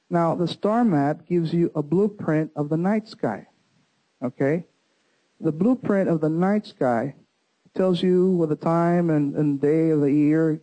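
A middle-aged man speaks to a crowd in a fairly high yet mellow voice, recounting his own story. He tells it in an animated way, trips over and repeats words, and keeps calling his listeners folks. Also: rough recording. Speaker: speaker giving a talk to an audience. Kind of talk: personal storytelling presentation.

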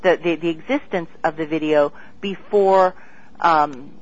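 A woman guest in an interview, talking in an excitable, rambling way with many restarts. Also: sits low, measured pace. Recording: dull lo-fi radio sound.

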